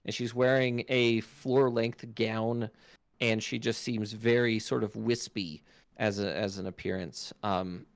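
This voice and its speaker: A man narrating as game master of a tabletop game, telling the story in an animated way and voicing sound effects aloud. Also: mid-range voice, no room sound.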